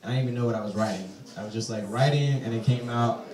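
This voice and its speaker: A man, a poet, answering audience questions at a live reading. He talks hesitantly and softly, with many fillers. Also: medium pitch, racing. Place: echoey event space. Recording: echoey room, distant mic.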